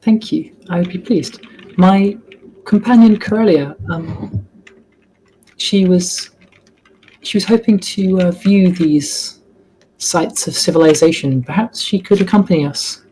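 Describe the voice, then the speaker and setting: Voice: mid-range voice, unhurried, dark tone, a little hiss or hum, poor audio. Formal, haughty tabletop player. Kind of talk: in-character role-play.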